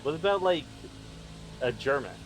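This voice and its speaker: Male co-host, quick questioning banter, easygoing. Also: fairly high pitch, animated, over music, low-quality recording. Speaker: podcast co-host. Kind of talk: casual comedic chat.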